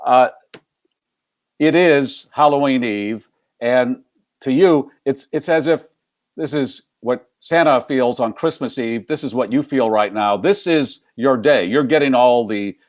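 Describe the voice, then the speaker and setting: A man's voice: mid-range voice, unhurried, dry recording. An older American man from the United States, hosting a talk show in a joking, playful way and riffing with puns. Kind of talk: casual interview chat.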